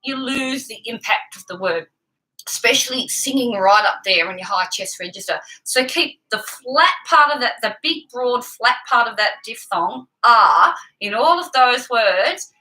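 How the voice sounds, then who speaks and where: A woman teaching singing, with a bright, ringing tone and a voice set a little high. She walks through vocal technique patiently and clearly, step by step. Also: expressive, unhurried, low-quality recording. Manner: explains clearly and patiently, with sung examples. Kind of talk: vocal lesson with sung demonstrations.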